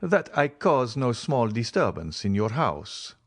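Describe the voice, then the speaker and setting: A man voicing a reserved nobleman with a sweet, gentle tone. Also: medium pitch, sing-song, unhurried, no echo, studio quality.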